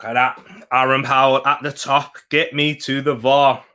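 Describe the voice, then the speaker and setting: A man's voice: medium pitch, little pitch movement, normal speed, pushed and bright, smooth. A young man hosting a casual football watch-along, chatting to viewers while eating and laughing often. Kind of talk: casual live-stream chat reading comments.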